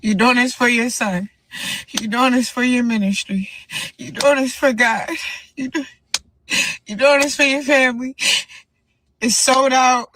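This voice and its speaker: Slow-talking earnest woman in a vlog clip. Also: on the high side, steady tone, fairly bright tone, no room sound. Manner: earnest, rambling, repeats herself. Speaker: boxer. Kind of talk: emotional vlog confession.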